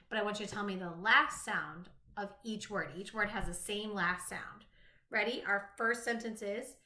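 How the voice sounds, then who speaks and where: A woman teaching a phonics lesson to young children, slowly sounding out rhymes, letters and words. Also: mid-range voice, bright, forceful tone. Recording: echoey room.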